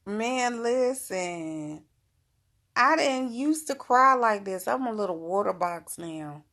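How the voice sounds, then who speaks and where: A woman's voice: a little high, expressive, takes it slowly, bright, forceful tone. A middle-aged woman giving frank, motherly spiritual advice in a casual livestream talk, laughing often.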